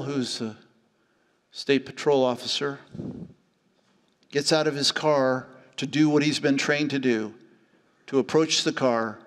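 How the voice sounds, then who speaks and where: A middle-aged man preaching a sermon as pastor, telling stories with lively acted-out voices. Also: medium pitch. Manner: animated storytelling, acting out voices. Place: church hall. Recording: church hall reverb with faint music.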